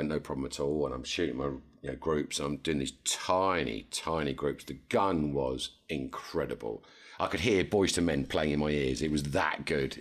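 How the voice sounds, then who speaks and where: A man co-hosting a podcast, telling an animated story in casual chat and jumping up in pitch when he quotes people. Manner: animated, jumps to high pitch when quoting others. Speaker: podcast co-host.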